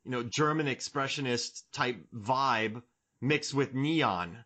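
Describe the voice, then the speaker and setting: A man's voice: mid-range voice, slow pace, sharp tone. A man in his forties hosting a casual podcast chat, joking and rambling, fond of comic bits. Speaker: podcast host.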